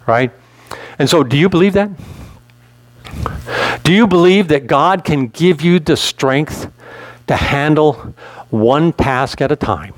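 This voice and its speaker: A man's voice: fairly high pitch, animated, a little slow, long pauses, dry recording. A male pastor preaching a sermon in a conversational way, asking his listeners questions.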